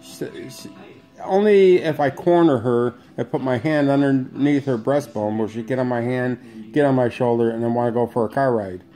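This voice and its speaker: A man's voice: normal speed, dark tone, soft background music. A man casually narrating a home video about his pet parakeets. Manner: talks to the bird in a high coaxing sing-song. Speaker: pet bird owner filming his parakeets. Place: room at home with birds.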